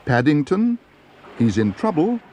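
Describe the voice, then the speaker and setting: A man voicing an eager, excitable young girl in a storybook reading. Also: on the high side, measured pace, pitched above the performer's own voice.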